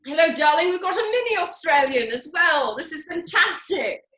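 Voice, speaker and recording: Casting: woman doing a high, bright-voiced, pompous grande dame, swooping and theatrical, echoey video call. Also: expressive, normal speed, full character voice. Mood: grand. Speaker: host of a live online master class. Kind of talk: comic character performance.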